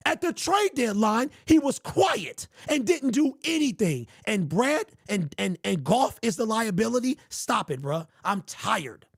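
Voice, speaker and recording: A man's voice: extremely high pitch, big pitch swings, unhurried, creaky, few pauses, no echo, studio quality. A man hosting a livestream sports show, ranting in a heated, exasperated way and repeating himself, his voice sounding strained. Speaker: sports podcast host.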